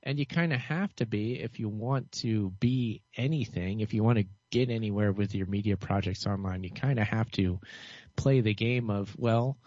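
A man talking alone to camera in a cynical, rambling way, with a dull monotone voice and lots of fillers and restarts. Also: fairly low pitch, moderate pace, dry recording. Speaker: vlogger. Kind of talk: rambling solo commentary. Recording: dull lo-fi dry recording.

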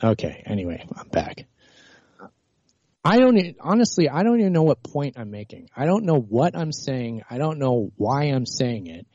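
Male stream host, exasperated and ranting, mellow dark tone, dry muffled mic. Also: medium pitch, sing-song, moderate pace, no room sound. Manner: exasperated, rants with many restarts. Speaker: livestream host. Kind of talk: heated political call-in argument, then rambling monologue.

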